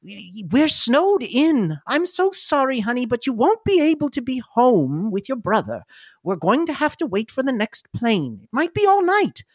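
A woman's voice: high voice, very animated, moderate pace, dry recording, clean studio sound, voice pushed up, exaggerated voice. A woman voicing a fussy older lady who soothes a crying child. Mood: soothing.

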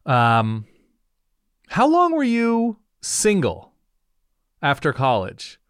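A man in his thirties talks in a relaxed podcast chat, pressing his co-host with question after question. His pitch rises and falls a lot. The sound is close and dry, with no room echo. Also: smooth. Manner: probing, rapid-fire questions. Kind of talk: casual chat.

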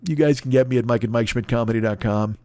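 A man's voice: mid-range voice, fast talker, warm tone, dry recording. A man hosting a podcast, ranting in exasperated comic bursts full of profanity. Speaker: podcast host. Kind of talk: comedic rant. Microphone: podcast microphone.

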